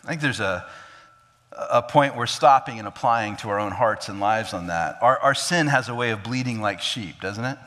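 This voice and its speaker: A man's voice: fairly low pitch, moderate pace, bright, forceful tone, big-room sound. A man preaching a sermon as pastor, earnest and vivid, who acts out scripture scenes as he goes.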